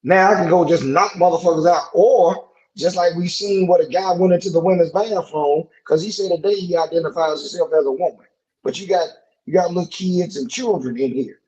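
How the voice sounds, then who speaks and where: A man's voice: high-pitched, fairly quick, darkish tone, highs cut off. A man co-hosting a podcast in casual chat, talking emphatically and repeating himself. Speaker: podcast co-host.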